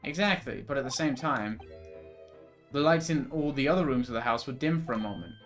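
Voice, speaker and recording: A man's voice: mid-range voice, lively intonation, fairly quick, faint music behind, natural voice. A man voicing a confident, eccentric male detective who lectures breezily. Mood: explaining.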